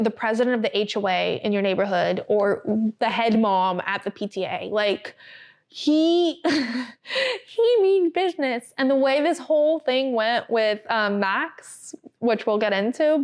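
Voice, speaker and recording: Chatty woman podcast host, higher voice. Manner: chatty and animated, with filler words and laughs. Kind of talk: casual chat, reading a statement aloud.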